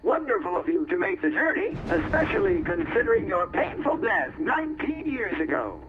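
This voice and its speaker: A courteous mechanical gatekeeper. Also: male voice, high-pitched, sing-song, moderate pace, lo-fi sound. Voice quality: formal, courteous. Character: polite mechanical male gatekeeper voice. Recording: game audio with loud background noise.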